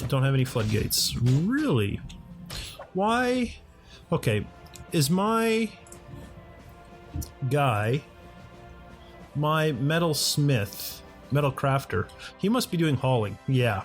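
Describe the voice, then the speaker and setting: A man's voice: fairly high pitch, very animated, takes it slowly, pauses often, faint music behind. A man giving casual, chatty commentary while playing a game at home, often talking to himself and his game characters. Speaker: let's play host. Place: home condo.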